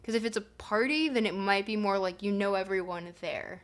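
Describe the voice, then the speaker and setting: A young adult woman streamer in casual chat with her viewers, rambling with fillers and breaking into playful, excited bursts. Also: mid-range voice, normal speed. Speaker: livestreamer reading chat.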